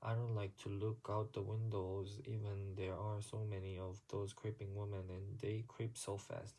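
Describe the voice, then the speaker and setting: Man, amateur story reading, husky voice, dark tone, halting with restarts. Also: fairly low pitch, level tone, rough recording. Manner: halting, with frequent slips and restarts. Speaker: reader.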